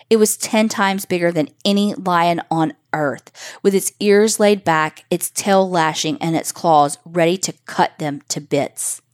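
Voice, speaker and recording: A woman narrating a children's story aloud in a measured, expressive way. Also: on the low side, dry recording, studio quality.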